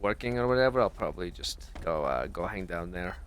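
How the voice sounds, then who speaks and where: A man roleplaying in character in casual, profane chat, halting with fillers. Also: deep voice, lively intonation, clear, resonant tone. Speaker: roleplay player.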